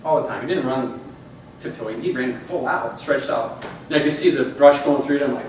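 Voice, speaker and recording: A man's voice: mid-range voice, moderate pace, darkish tone, slight background noise. A man in his fifties telling a personal story to a group, in a folksy, rambling way with many "you know"s. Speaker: speaker addressing a group. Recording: echoey room, voice far from mic.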